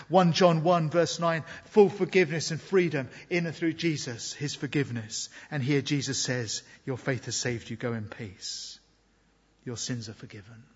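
A man preaching a sermon in an earnest, reflective way, moving between loud emphasis and quiet asides. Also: fairly high pitch, slightly rough. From Britain. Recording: long hall reverb, dull lo-fi sound.

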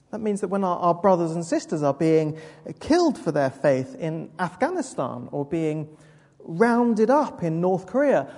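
A woman's voice: mid-range voice, slightly rough. A woman preacher giving a sermon in a church, telling the story vividly and addressing listeners directly. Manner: vivid, expressive storytelling with asides. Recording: echoey hall with long reverb.

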